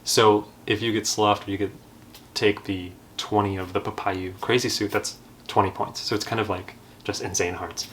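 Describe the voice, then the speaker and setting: Brief: young male host, lower voice, casual, self-deprecating card-game explainer. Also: fairly even intonation, normal speed, fairly bright tone, slight background noise. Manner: chatty, self-deprecating, laughs while telling. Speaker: board game channel host.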